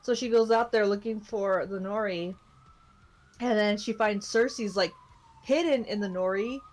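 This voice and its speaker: A woman's voice: medium pitch, normal speed. A young woman co-hosting a podcast, casually retelling an anime episode in a loose, chatty way full of fillers. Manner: chatty, loose storytelling with many fillers and laughs. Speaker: podcast co-host. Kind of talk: casual chat recapping an anime.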